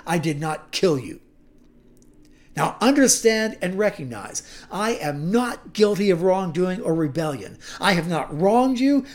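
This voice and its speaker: A man voicing a young warrior leader who pleads loudly and passionately with a king. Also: high-pitched, voice pushed up. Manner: loud, impassioned, declaiming.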